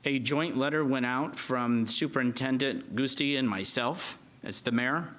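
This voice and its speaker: A man serving as mayor and chairing a city council meeting, polite and a little halting as he speaks. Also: medium pitch, fairly bright tone. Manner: courteous, halting with fillers.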